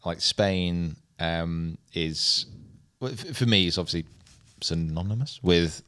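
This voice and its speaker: A man co-hosting a podcast, chatting casually and rambling with many pauses and laughs. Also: deep voice, pushed and bright. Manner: rambling, hesitant, laughs often. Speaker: podcast co-host. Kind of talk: casual chat.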